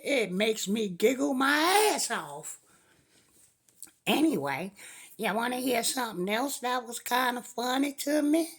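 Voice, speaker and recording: A woman's voice: a little high, creaky, slightly rough. A woman telling a comic story in a drawling, folksy way. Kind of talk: comedic storytelling.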